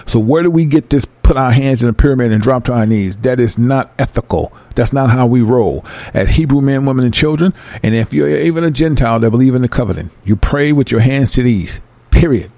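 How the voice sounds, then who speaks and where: A man reading scripture aloud and breaking into fervent, emphatic commentary, talking excitedly like a Bible teacher. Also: mid-range voice, no room sound. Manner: reads verses then breaks into fervent commentary; emphatic, animated, apologizes for going fast. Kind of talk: excited scripture study talk.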